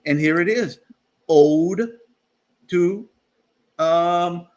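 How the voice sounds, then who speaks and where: A man hosts a casual live-stream chat over a video call, rambling with lots of fillers and restarts and often laughing at himself. His voice is high and very slow.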